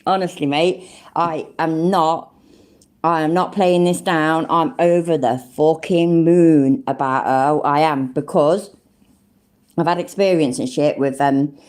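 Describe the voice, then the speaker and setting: A woman's voice: low-pitched, a little mellow. Chatty sweary older woman. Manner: chatty, swears freely, calls viewers love and mate. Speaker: livestream host. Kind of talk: casual live-stream chat.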